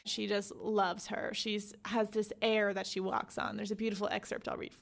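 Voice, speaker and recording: A young adult woman hosting a book podcast, summarizing a memoir in a chatty, animated way full of "like" and "you know". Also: mid-range voice, moderate pace, vocal fry, few pauses. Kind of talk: casual book summary with read-aloud excerpts.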